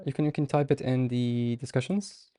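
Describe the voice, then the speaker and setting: A man teaching a live online class, explaining patiently and step by step with many pauses. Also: mid-range voice, steady tone, dark tone, smooth, dry recording, studio quality. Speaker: Arabic teacher.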